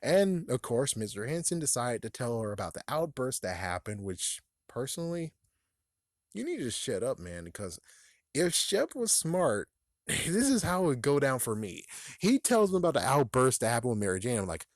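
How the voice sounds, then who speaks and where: A man giving a casual, animated spoken book review, cursing often and acting out characters' lines in quick bursts. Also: mid-range voice, no echo, studio quality.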